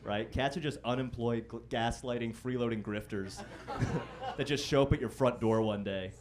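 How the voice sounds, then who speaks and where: A young man performing a stand-up set in a comedy club, wry and self-deprecating, breaking into loud mock-singing and shouted impressions. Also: medium pitch, steady tone, normal speed, a crowd in the background. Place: comedy club stage before a live audience.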